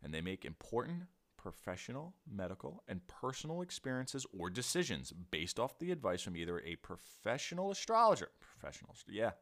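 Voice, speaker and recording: A man's voice: mid-range voice, sing-song, fairly quick, few pauses, fairly bright tone. A man hosting a casual science podcast, laid-back and joking, who often laughs at himself and keeps correcting himself mid-sentence. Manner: frequent restarts and self-corrections. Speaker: podcast host.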